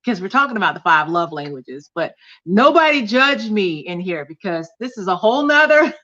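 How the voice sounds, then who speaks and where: A woman's voice: medium pitch, big pitch swings, moderate pace, sharp tone, dull audio. A woman hosting a casual livestream chat, talking in a confiding way to viewers and reading out their comments. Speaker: host.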